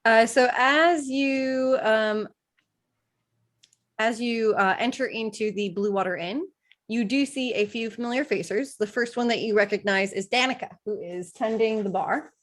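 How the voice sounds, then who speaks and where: Slow-talking woman game master. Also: a little high. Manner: halting, with many fillers, giggly. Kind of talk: narrating a tabletop game.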